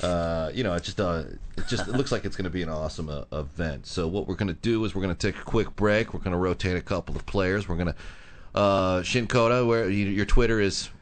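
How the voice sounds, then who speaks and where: A man's voice: low-pitched, a little hiss or hum. A man hosting a radio talk show in casual chat, rambling and interrupting himself as he goes. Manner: fast, rambling, self-interrupting.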